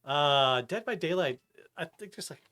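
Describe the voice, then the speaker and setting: A man chats his way through a live game stream, answering his viewers as he goes. His voice is bright and bouncy, with pitch that swings up and down all the time. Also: moderate pace. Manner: animated, chatty, reads chat aloud. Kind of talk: casual live-stream chat while gaming.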